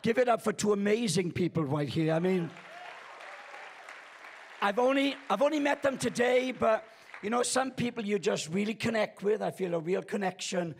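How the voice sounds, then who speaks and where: A man's voice: high-pitched, moderate pace, husky, a faint crowd. A man in his sixties, a guest pastor preaching a sermon in a church auditorium on a stage microphone, telling stories with humor and self-deprecating jokes. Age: 60s.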